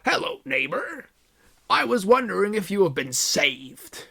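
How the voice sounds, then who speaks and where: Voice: mid-range voice, sing-song, measured pace, vocal fry, a bit bright, breathy edge, voice pushed up, heavily acted. A reader voicing a cheerful, preachy giant man in a sing-song, exaggerated way for a comedic fanfiction reading. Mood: bright.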